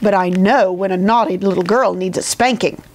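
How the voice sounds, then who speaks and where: A woman's voice: mid-range voice, moderate pace, a little mellow, slight background noise, lightly acted. A woman voicing a stern, strict grown-up male bear guardian in a storybook, speaking firmly. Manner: stern, firm.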